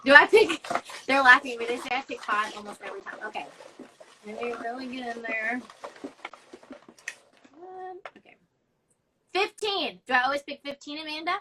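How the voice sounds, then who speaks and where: A woman's voice: sits high, moderate pace, long pauses, background noise. A young woman hosting a casual live stream, reading fan notes aloud in a chatty, effusive way. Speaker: host of a live social media show.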